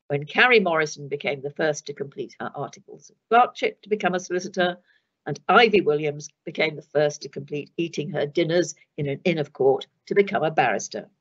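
An older woman, a retired judge giving a formal lecture in a measured, precise way with dry wit. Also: sits low, breathy edge. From England. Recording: dull lo-fi recording.

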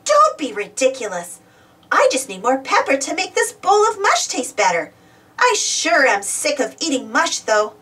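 A woman's voice: high-pitched, huge pitch swings, moderate pace, a bit bright, far from the mic, voice pushed up, full character voice. A woman voicing a grumpy, bossy female giant in a storybook, blunt and scoffing.

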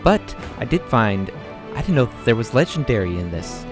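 A man's voice: mid-range voice, very animated, normal speed, music in the background. A young man casually commenting on a video game he plays, reading dialogue choices aloud and laughing often. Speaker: let's play host.

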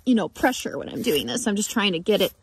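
This horse riding vlogger talks fast and very animatedly in a medium-pitched voice with a little hiss or hum. Grooming her horse outside at the barn, she gives casual tips to the camera and coos baby talk at the horse.

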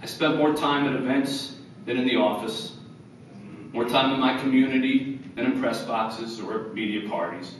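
A man's voice: mid-range voice, normal speed, a little hiss or hum. A man in his fifties giving an earnest award acceptance speech with wry humor. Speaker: award recipient. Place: large hotel ballroom. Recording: echoey ballroom from far off.

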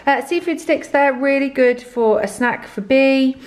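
A woman's voice: high-pitched, a little slow. A woman in her thirties chatting casually through a grocery haul, a little out of breath, rambling with fillers and restarts. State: slightly out of breath. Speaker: vlogger.

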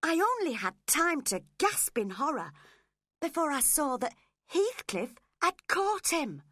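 A woman narrating a classic story in a slow, clear reading for English learners. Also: sits high, big pitch swings, a bit bright, dry recording, clean studio sound. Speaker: narrator of a graded English reader.

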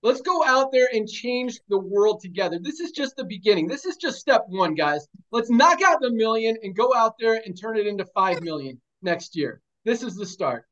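A man's voice: high voice, big pitch swings, moderate pace, hardly any pauses, a bit bright, muffled recording. A man giving a motivational pep talk to a team, firing off punchy repeated calls to action. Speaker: company presenter.

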